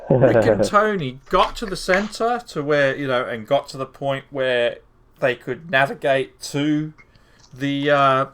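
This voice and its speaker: Bright teasing British gaming streamer. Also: male voice, mid-range voice, slow pace. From United Kingdom. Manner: teasing, ribbing friends. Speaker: streamer host. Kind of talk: casual banter over voice chat.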